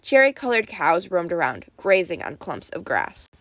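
A woman reading a first-person audiobook with wry, lively storytelling. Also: on the low side, normal speed, dry recording. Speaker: audiobook narrator.

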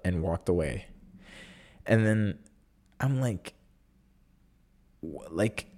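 A man's voice: lowish voice, a little mellow. A man hosting his own podcast, telling a story in a rambling, sarcastic, casual way. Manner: chatty and rambling, full of "like" and self-corrections; wry and sarcastic. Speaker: podcast host.

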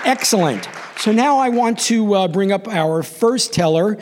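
Animated older man telling a story. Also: high-pitched, a little slow, a crowd in the background, background noise. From New York. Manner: animated, acts out quoted voices. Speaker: storytelling show host. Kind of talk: live storytelling.

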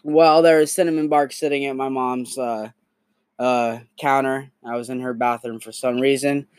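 A young man hosting a podcast in a casual, crude, animated storytelling manner. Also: medium pitch, normal speed, clean tone, no echo. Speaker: podcast host.

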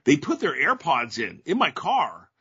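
Middle-aged male podcast co-host, bright and husky, rambling casual chat, dull lo-fi audio. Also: on the high side, huge pitch swings, a little slow. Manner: rambling, with many fillers.

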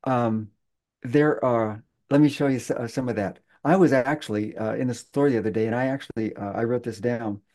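A man speaking as a guest, telling a story in a halting way with many fillers and restarts. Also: mid-range voice, fairly even intonation, a little mellow. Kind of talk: conversational storytelling.

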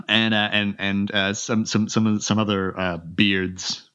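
A man's voice: lowish voice, flat delivery, slow, few pauses, pushed and bright, clean tone, muffled recording. A man narrating as game master in a rambling way, with many restarts and fillers.

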